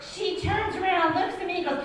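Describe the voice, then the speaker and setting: A woman's voice: extremely high pitch, normal speed. A woman telling a funny story at church story time, acting out her own reactions with gasps and laughs. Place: church hall. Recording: echoey hall from far off, room noise.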